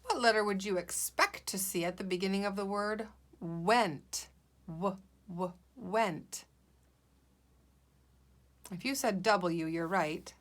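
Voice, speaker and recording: Patient lady teacher doing a reading lesson for little kids, talks real slow, sounds out letters. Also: medium pitch. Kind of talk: guided reading lesson for young children.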